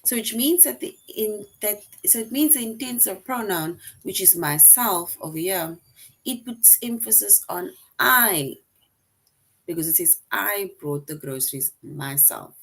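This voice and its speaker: A woman's voice: mid-range voice, animated, a little slow, fairly bright tone, husky, rough recording. A woman teaching a recorded grammar lesson, explaining step by step, repeating her example sentences and often checking in with "right?".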